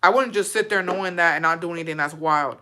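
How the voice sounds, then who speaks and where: A woman's voice: fairly low pitch, pushed and bright. A woman giving heated, profane reaction commentary, ranting with outrage. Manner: profane, outraged, fast-shifting rant.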